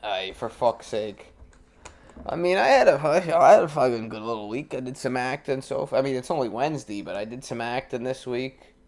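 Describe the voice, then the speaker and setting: A man's voice: medium pitch, lively intonation, normal speed, a little mellow, slight background noise. Brash profane man. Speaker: podcast co-host. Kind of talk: crude casual podcast banter.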